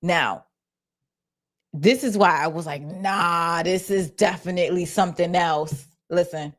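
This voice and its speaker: A woman's voice: fairly low pitch, a little slow. A woman hosting a live reaction stream, talking casually and animatedly to her viewers, acting out voices and laughing as she goes.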